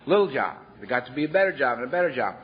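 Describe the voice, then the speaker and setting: Blunt, animated male storyteller, lo-fi. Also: mid-range voice, very fast. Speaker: recovery workshop speaker. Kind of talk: storytelling talk. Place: workshop room. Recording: dull lo-fi workshop recording.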